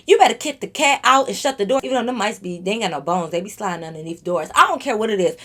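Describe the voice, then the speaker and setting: A woman vlogger telling a storytime monologue straight to her viewers, animated and freely cursing. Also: on the high side, fast, few pauses.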